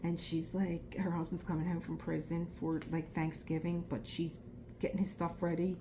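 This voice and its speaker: A woman's voice: lowish voice, flat delivery, normal speed, noisy background. A middle-aged woman with a South Philadelphia accent, chatting casually and rambling as she crafts, laughing often. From Philadelphia, USA. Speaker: crafting vlogger. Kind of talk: casual chat while crafting.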